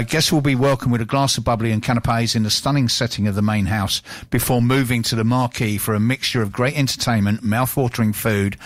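A man's voice: mid-range voice, dry recording. A man presenting on local radio, chatting casually and reading out event listings in an upbeat way.

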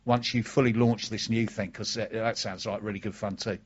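Guy hosting a radio show, low husky voice, chatty, bit dull lo-fi sound. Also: steady tone, fairly quick. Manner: chatty, enthusiastic, storytelling. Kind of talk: casual radio chat.

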